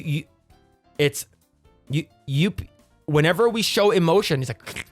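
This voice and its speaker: A young man rants through casual commentary, cursing and getting heated as he goes. His voice sits a little high for a man. Faint music runs quietly behind him. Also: moderate pace. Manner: profane, ranting, animated.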